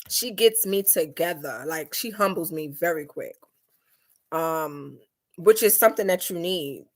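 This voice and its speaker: A young woman chatting casually on a live stream, reading comments and acting out her mother's lines in a lively, talkative way. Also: on the low side, a little hiss or hum. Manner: lively, chatty, quick mood swings, acts out her mom's lines. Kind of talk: casual chat.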